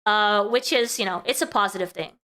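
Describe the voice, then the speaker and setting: A woman's voice: medium pitch, fairly quick, fairly bright tone. A woman hosting a casual commentary stream, chatty and talking to her chat, laughing often. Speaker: vtuber host.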